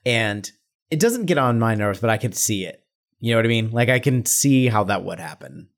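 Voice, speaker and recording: Relaxed, chuckling podcast co-host. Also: male voice, on the low side, normal speed, gravelly. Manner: relaxed, chuckling, uses "like" and "you know". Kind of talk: casual chat.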